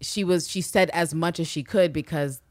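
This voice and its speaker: A woman co-hosting a podcast, recapping an episode in animated, profane casual chat and acting out the characters' lines. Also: on the low side, normal speed, no echo. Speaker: podcast co-host.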